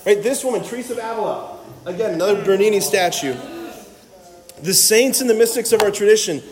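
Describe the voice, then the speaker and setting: A man giving an energetic, joking talk to a live audience as a Catholic speaker, with a conversational manner and frequent "right?"s. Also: high voice, fairly quick, crowd noise. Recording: long hall reverb.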